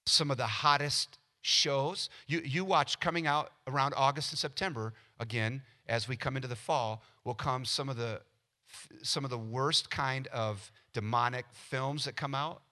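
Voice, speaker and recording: A male pastor preaching a sermon, animated and acting out little everyday scenes with quoted voices. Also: medium pitch, normal speed.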